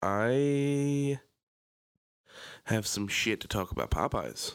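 Young philly-area dude, kinda low voice, ranting and cussing on a podcast, loud when he quotes people. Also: takes it slowly, smooth. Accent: Philadelphia-area American. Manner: animated storytelling, swears a lot, acts out quotes loudly. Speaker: podcast co-host. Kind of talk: casual chat.

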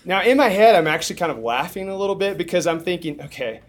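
Young male preacher, lively storyteller, slightly higher voice, swings hushed to loud. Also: fast. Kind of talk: storytelling sermon.

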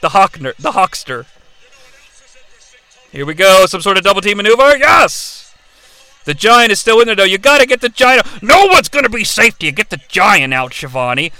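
A man hosting a live watch-along of a wrestling match, calling the action in an excitable, profane way. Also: high-pitched, fairly quick, dry recording. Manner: excitable, profane, yelling play-by-play. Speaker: host.

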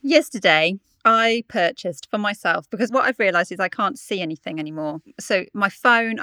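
A woman's voice: medium pitch, sharp tone, dry recording, studio quality. A middle-aged woman co-hosting a podcast, telling stories in a chatty, self-mocking way. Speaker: podcast co-host. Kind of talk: casual chat.

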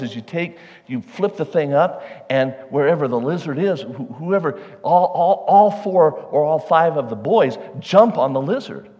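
A male pastor telling a lively personal story in a conversational sermon style. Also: a little high, highs cut off. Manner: animated, conversational, self-deprecating. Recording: long hall reverb.

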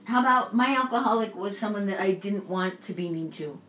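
A woman candidly telling a personal story in casual conversation, animated and swearing freely. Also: medium pitch, fairly quick, slight background noise. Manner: animated, acts out quoted voices, swears freely.

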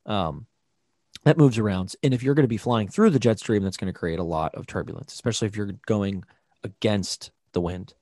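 A man's voice: lowish voice, brisk, a little mellow, no room sound, studio quality. A man co-hosting a casual podcast, explaining things at length with many fillers. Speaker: podcast co-host. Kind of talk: casual chat.

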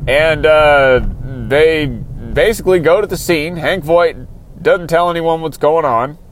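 A podcast host with a slightly high voice recaps a TV episode from inside his car while driving, speaking unhurriedly and casually, rambling as he goes. He keeps talking himself into getting worked up, and the low-quality recording has a little hiss or hum.

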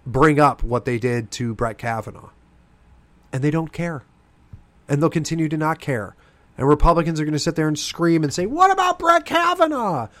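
A man's voice: medium pitch, no room sound. Indignant male podcast host, dry sound. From US East Coast. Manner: heated, indignant ranting. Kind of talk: political commentary monologue.

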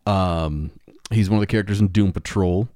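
Low-voiced joking male podcast host. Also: normal speed, warm tone, dry recording, studio quality. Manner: joking, laughs often, reads facts aloud. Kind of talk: casual chat.

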